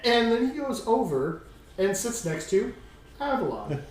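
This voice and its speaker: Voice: mid-range voice, sing-song, unhurried. Rambling game master in a roomy space. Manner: rambling, scattered. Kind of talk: narrating a tabletop game. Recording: roomy, distant mic, faint hum.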